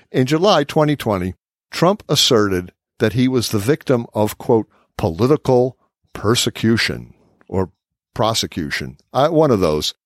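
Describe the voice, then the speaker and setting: A podcast host with a mid-range voice and wide pitch swings leads a political discussion at an unhurried pace. He reads quotes from his notes and laughs often, in clean studio sound without room noise.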